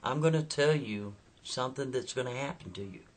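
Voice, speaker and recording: Man doing a calm, creepy hitchhiker, steady and matter-of-fact, a bit husky. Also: mid-range voice, brisk, natural voice. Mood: ominous. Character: calm mysterious male hitchhiker, eerie.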